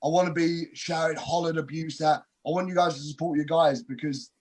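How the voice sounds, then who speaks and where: A man's voice: fairly high pitch, fairly even intonation, normal speed, darkish tone. Cocky joking man, slangy talk. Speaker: wrestler, interview guest. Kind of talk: casual press call answers.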